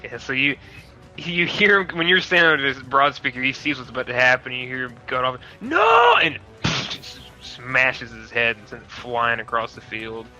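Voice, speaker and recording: Very bright-voiced male game master. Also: mid-range voice, steady tone, fairly quick, faint music behind, low-quality recording. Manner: casual, laughing, swears freely. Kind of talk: narrating a tabletop game.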